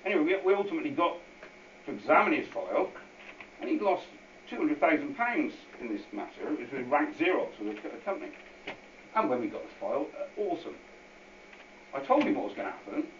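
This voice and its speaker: This man talks fast in a slightly high, very animated voice, giving an off-the-cuff talk as a guest at a public meeting. He meanders, repeats himself and keeps adding asides. Faint hiss sits under an echoey, dull, distant hall recording with an audience present.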